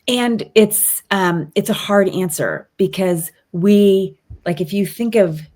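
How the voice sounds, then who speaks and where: Slow and darkish in tone, this medium-pitched woman's voice belongs to a resilience expert guesting on a podcast. She talks casually in an interview, explaining ideas in a thoughtful, coaching way with lots of ums and rhetorical "right?"s.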